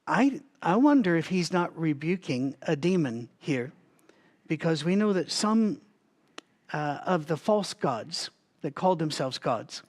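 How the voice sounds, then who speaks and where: A man leading a Bible study in a relaxed, conversational teaching style, thinking aloud with restarts and asides. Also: fairly high pitch, unhurried.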